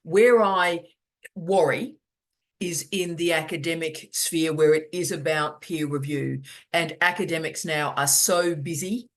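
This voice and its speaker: A middle-aged academic hosting online office hours in casual video-call chat, animated and jokey, repeating words for emphasis. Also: mid-range voice, a little slow.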